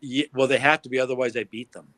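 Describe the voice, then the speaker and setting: A man from the United States talking as a guest on a livestream, excitable, swearing freely and laughing often. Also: mid-range voice, fast talker, dry recording. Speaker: guest, product formulator. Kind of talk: casual chat on a livestream.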